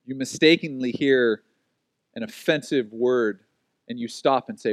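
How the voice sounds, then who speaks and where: A man preaching a sermon, telling stories with lively energy and acting out the voices of the people he quotes. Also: medium pitch, measured pace, no echo, studio quality. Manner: animated storytelling, acts out quoted voices. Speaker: pastor.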